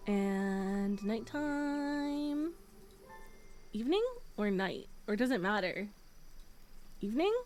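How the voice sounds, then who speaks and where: A woman's voice: medium pitch, animated, drawn-out words, pauses often, a little mellow, faint music behind. A woman streamer chatting casually with her viewers, swearing freely and laughing often.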